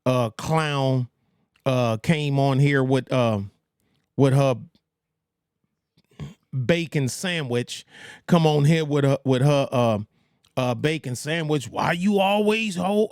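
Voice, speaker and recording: A man's voice: medium pitch, darkish tone, dry recording, clean studio sound. A man hosting a casual livestream, rambling with blunt, trash-talking asides. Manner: mocks others in put-on voices. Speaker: livestream host.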